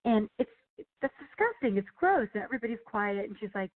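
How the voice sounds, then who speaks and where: A woman's voice: fairly high pitch, lively intonation, fairly quick. Woman, chatty guest author, filler-heavy storytelling, tinny phone-line sound. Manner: chatty storyteller, lots of "you know" and "like". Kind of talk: casual interview chat.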